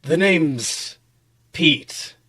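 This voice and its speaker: A man doing a shady young alley dealer who drawls each word out slowly and slyly, his voice bright and lifted a little above a usual man's. He sounds furtive and unhurried, as if offering something he shouldn't. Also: a little high, expressive, slightly rough, heavily acted. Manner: slow, drawn-out delivery. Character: shady young male meme dealer, slow and sly.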